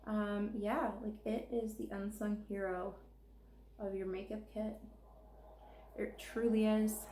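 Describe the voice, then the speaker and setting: A woman's voice: medium pitch, level tone, takes it slowly, mellow, reverberant, slight background noise. A woman chatting casually while doing her makeup, ranting and rambling with plenty of swearing. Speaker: makeup vlogger.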